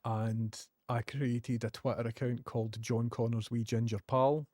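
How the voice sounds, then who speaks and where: A man's voice: mid-range voice, level tone, measured pace, dark tone, no echo. Scottish male streamer, casual and joking, dry close-miked sound. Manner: chatty, joking, laughs often. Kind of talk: casual live-stream chat.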